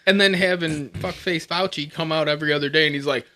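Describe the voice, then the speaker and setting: Bright-toned male host, animated and profane, tells stories and voices the people in them. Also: on the high side, fast. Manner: profane, animated storytelling with laughs; acts out quoted people in shifting voices. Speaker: podcast host. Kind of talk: casual bar-room chat.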